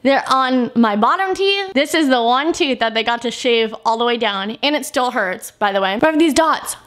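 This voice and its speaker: A woman in her twenties telling a joking storytime for her vlog in an animated way. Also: a little high, moderate pace. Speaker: vlogger. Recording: echoey room.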